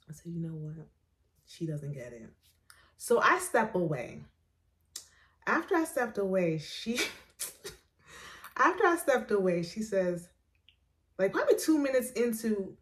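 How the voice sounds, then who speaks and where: A woman tells a personal story as a podcast host, and her pitch rises and falls freely. She laughs often and acts out the dialogue as she goes.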